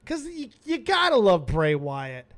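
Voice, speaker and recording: A man hosting a live stream, giving excitable watch-along commentary with frequent exclamations and swearing. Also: high-pitched, measured pace. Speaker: streaming host reacting to wrestling.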